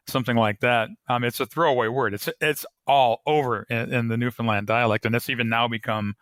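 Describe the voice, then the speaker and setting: A man, an author being interviewed on a podcast, explaining his craft in a thoughtful, measured way. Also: medium pitch, fairly even intonation, fairly bright tone, dry recording. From United States. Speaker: author guest.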